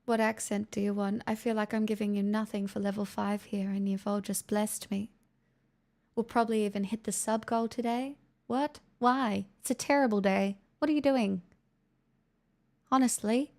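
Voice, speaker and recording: A woman's voice: mid-range voice, fairly even intonation, moderate pace, a little mellow. A woman, chatting casually on a livestream and thanking viewers, swearing freely as she goes. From Australia.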